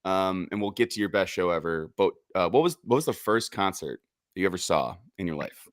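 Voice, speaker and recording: A man's voice: sits low, animated, fairly quick, no room sound, clean studio sound. A man hosting a podcast, chatting casually, joking and laughing often. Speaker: podcast host.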